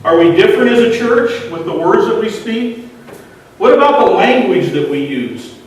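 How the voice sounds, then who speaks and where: A man's voice: sits high, very animated, normal speed. A man giving an earnest sermon in a church, putting question after question to the congregation. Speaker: lay speaker. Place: church sanctuary. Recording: echoey church hall from far off.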